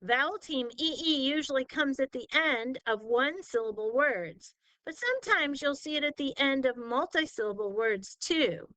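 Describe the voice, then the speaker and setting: A woman's voice: sits high, animated, moderate pace, pushed and bright, dry recording, low-quality recording. A woman tutoring spelling in a patient phonics lesson, drawing out vowel sounds and asking questions she then answers herself. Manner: asks leading questions and answers them herself.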